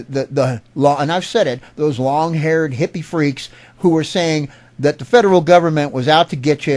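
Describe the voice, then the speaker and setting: Middle-aged guy ranting about politics, fired up, kinda high voice that jumps around a lot. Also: darkish tone. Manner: indignant, repetitive restarts, emphatic. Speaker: political commentator. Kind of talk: angry political rant.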